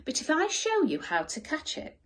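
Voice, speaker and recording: A woman voicing a clever, cheerful young boy with a bright, playful voice. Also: sits high, huge pitch swings, moderate pace, voice pushed up, full character voice.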